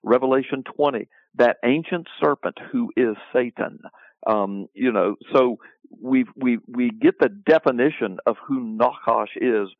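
A man's voice: mid-range voice, measured pace, no room sound. A man teaching about the Bible in an interview, emphatic and repetitive, building long lists as he talks. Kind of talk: preaching-style interview answer. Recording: phone-line sound, dry.

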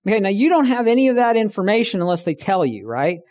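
A man's voice: high voice, big pitch swings, quick pace, darkish tone. Tired man telling stories to a room. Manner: conversational storytelling, acts out quoted voices. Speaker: speaker. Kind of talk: live talk to a room.

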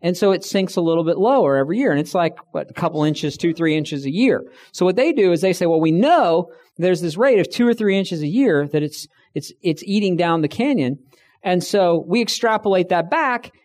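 Telling stories to a room, a middle-aged man speaks briskly in a high-pitched, animated voice with a darkish tone. He acts out the people he quotes in a conversational style and remarks that he's tired.

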